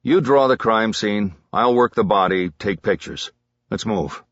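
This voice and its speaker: A man's voice: on the low side, measured pace, a bit bright, dry recording, highs cut off. A man voicing a stubborn veteran detective who speaks curtly and insists on doing his job. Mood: terse. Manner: curt, obstinate.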